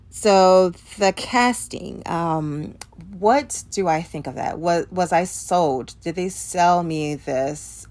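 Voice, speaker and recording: Low, slow-talking woman reviewing a movie. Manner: hesitant, many ums and restarts. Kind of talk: casual spoken review.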